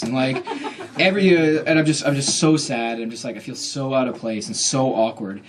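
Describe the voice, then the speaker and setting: A man in his thirties telling a comic story to an audience at a book event, animated and self-mocking, acting out his own inner voice. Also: mid-range voice, a little fast, a crowd in the background.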